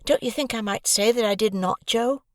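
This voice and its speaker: A man's voice: high voice, moderate pace, no room sound, studio quality, voice pushed up, natural voice. A man voicing an earnest, eager young male apprentice who pleads his case in a raised, youthful voice. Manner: insistent, pleading.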